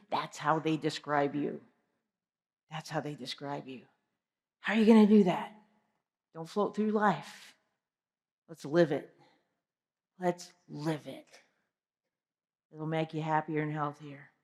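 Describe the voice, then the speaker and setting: A woman giving an energetic motivational keynote, asking the audience direct questions. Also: on the low side. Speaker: keynote speaker. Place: large conference hall. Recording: long hall reverb.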